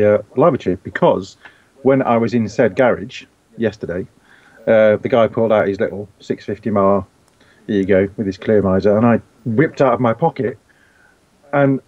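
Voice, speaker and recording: A man's voice: fairly low pitch, darkish tone. Brief: male show regular, easygoing chat, muffled sound. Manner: easygoing, many fillers. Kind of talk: casual chat. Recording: dull lo-fi sound.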